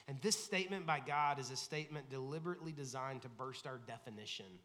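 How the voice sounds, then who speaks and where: Conversational pastor in a reverberant sanctuary. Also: male voice, mid-range voice, fairly quick. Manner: conversational preaching, animated, acts out quoted voices. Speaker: lead pastor. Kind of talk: sermon. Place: large church sanctuary. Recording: long hall reverb.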